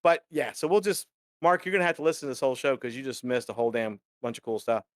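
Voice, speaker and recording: Male stream co-host, mid-pitched, loose and rambling delivery, dry room. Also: expressive, fast talker, no echo. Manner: rambling, lots of fillers. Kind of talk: casual live chat.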